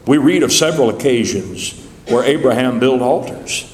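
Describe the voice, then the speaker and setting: A man's voice: medium pitch, lively intonation, moderate pace. A man preaching a sermon, telling a story dramatically with swelling emphasis. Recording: echoey hall.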